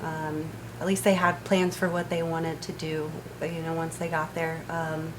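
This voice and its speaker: A woman's voice: deep voice, little pitch movement, measured pace. A young woman in an interview, talking casually and hedging her answers. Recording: ambient background noise.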